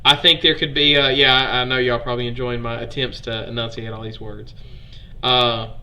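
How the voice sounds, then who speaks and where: Speaking at a moderate pace with a flat yet pushed, bright delivery, a Southern-accented Alabaman runs a relaxed history livestream. He poses questions to his viewers, chats with them, and fumbles foreign names; his pitch is medium.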